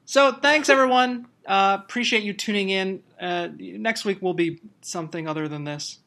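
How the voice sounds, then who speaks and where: A man with a bright, forward voice co-hosts a podcast. He talks in easy, casual chat, laughs often and rattles off plugs with a joking looseness. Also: sits high, normal speed. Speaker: podcast co-host.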